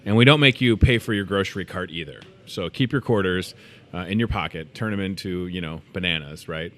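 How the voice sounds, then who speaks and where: A man's voice: sits low, brisk. A man in his thirties hosting a store video show, chatting casually and joking while promoting food. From moved to Iowa as a student. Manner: playful, joking, animated.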